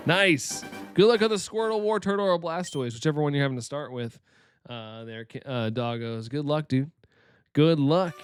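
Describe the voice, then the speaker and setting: A man with a light Southern US accent, casually chatting with his stream's viewers, upbeat and quick to laugh. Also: mid-range voice. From Southern United States. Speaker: live-stream host. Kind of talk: casual live-stream chat, reading chat.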